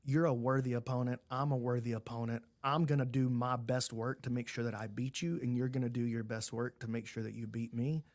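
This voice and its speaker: A man's voice: mid-range voice, fairly even intonation, a little fast, few pauses, darkish tone, no echo. A man talking as a podcast guest in casual chat, earnest and fired up about the sport.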